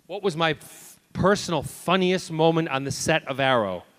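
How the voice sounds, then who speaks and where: A man answering fan questions as a convention panel guest, telling lively anecdotes and acting out the dialogue. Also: on the high side, normal speed, slight background noise. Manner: animated, acts out quoted dialogue.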